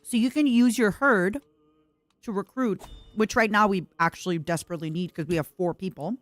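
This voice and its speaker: In a dry recording, a young woman streamer talks a little fast at medium pitch while eating through a strategy game session. She reads the game text out loud, speaks with her mouth full, and tosses in lively, playful comments.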